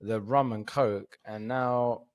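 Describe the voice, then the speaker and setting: A man's voice: lowish voice, steady tone, takes it slowly, a little mellow. Drunk sleepy guy rambling on a podcast, swearing, loose and chatty. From Cyprus. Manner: rambling, tipsy, swears freely. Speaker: comedian guest. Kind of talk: casual podcast chat.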